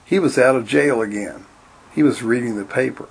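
Gravelly deadpan storyteller man. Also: medium pitch, moderate pace. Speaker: narrator. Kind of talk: storybook reading aloud.

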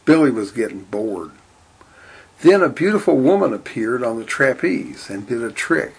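A man reading a children's-style story aloud in a deadpan, matter-of-fact way. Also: medium pitch, normal speed, breathy edge. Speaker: narrator.

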